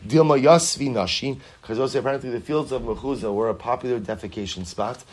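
Male Talmud teacher, mid-range voice, animated explainer who keeps asking "right?". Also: mid-range voice, quick pace. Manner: animated, rhetorical questions, repeats phrases. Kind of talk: Talmud class, reading Aramaic and translating.

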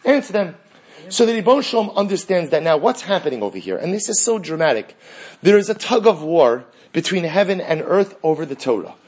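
A man teaching a Talmud class in an animated way, acting out the exchanges he reads and asking rhetorical questions. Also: fairly high pitch, brisk.

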